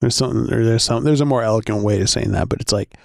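A man's voice: mid-range voice, fast, gravelly, no room sound, clean studio sound. A man co-hosting a casual podcast chat, laughing often and restarting his sentences. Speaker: podcast co-host.

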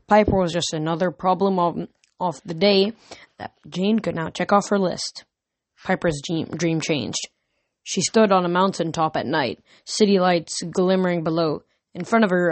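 A woman narrating an audiobook in a steady, earnest storytelling manner, recorded close. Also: fairly low pitch, dry recording.

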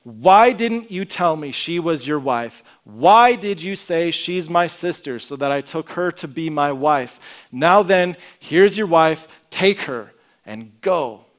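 A man, preaching a sermon, acting out an angry ancient king who demands answers in a slow, loud, indignant way. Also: a little high, expressive. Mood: furious.

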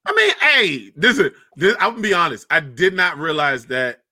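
A man's voice: on the high side, moderate pace, dry recording, clean studio sound. A man co-hosting a casual comedy podcast, swearing and telling exasperated stories. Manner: exasperated, swearing, animated storytelling. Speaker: podcast co-host.

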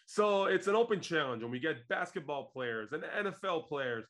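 A man from Israel co-hosting a podcast, retelling a wrestling event in a lively, joking casual chat. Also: on the high side, normal speed. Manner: animated storytelling, laughs often. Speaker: podcast co-host.

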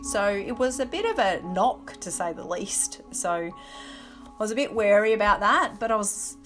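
A middle-aged woman, a former navy helicopter pilot, recalls her training candidly in an interview, restarting sentences and pausing on ums. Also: medium pitch, animated, a bit bright, faint music behind. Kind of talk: interview, personal recollection.

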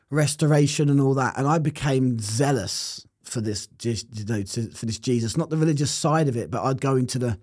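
A man's voice: mid-range voice, darkish tone, no room sound, studio quality. A man telling his personal testimony in an interview, earnest and reflective. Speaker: interview guest.

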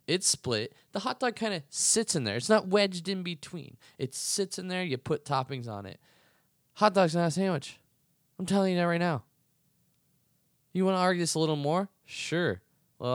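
A man's voice: on the high side, lively intonation, normal speed, dry recording, studio quality. A young man hosting a podcast, arguing heatedly and profanely in a casual ranting monologue. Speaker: podcast host.

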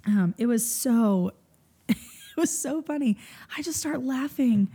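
A young woman, a worship leader, telling a story in a casual chat, animated, laughing and full of fillers. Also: fairly high pitch, takes it slowly, breathy edge.

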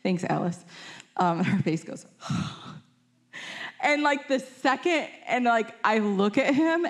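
A woman's voice: lowish voice, darkish tone. A young adult woman preaching informally, chatty, with many fillers and self-corrections while telling a personal story.

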